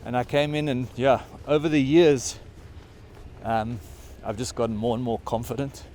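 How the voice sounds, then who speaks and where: A man's voice: mid-range voice, steady tone, normal speed, a little mellow, slight background noise. A man in his thirties with a South African accent, talking casually to camera while hiking outdoors and short of breath, rambling with lots of fillers. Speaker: travel vlogger. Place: outdoors on a high mountain trail.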